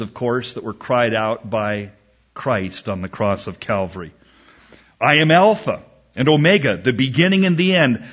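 A man preaching a sermon, reading scripture slowly with emphasis and acting out a back-and-forth exchange. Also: medium pitch, husky. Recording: dull lo-fi recording.

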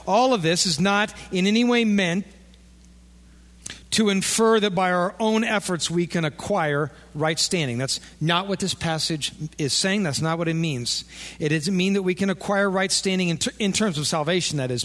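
A man preaching a sermon as pastor, animated and playing out imagined conversations with his listeners. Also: high voice, moderate pace. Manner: animated, acts out imagined dialogue. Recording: long echo of a large hall.

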